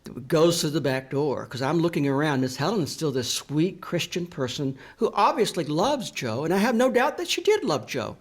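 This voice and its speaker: An older man speaks in a slightly raised pitch. He is an author sharing a personal story, reflective and earnest. His delivery is confessional and unhurried in thought. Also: big pitch swings. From American South. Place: library event room.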